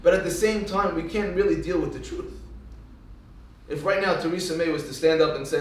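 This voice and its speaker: A man with a high voice gives a religious talk, telling funny stories and acting out each line of dialogue. He sounds distant from the mic, in a strongly echoing room. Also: brisk. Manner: jokey storyteller acting out dialogue. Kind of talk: storytelling Torah talk. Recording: echoey room, voice from far off.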